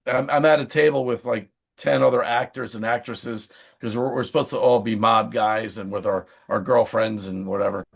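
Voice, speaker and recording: A man who sings and acts, telling chatty, animated anecdotes in a casual interview. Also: mid-range voice, moderate pace, gravelly, hardly any pauses. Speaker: singer, songwriter and screen actor.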